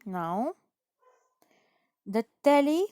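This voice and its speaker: A woman teacher with an Indian English accent talks children through a grammar lesson at an unhurried, deliberate pace. Her voice sits a little high and sounds smooth and clear. The recording is close and dry, with no room echo. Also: big pitch swings, warm tone. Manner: slow, repetitive explaining, asks and answers herself. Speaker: school teacher.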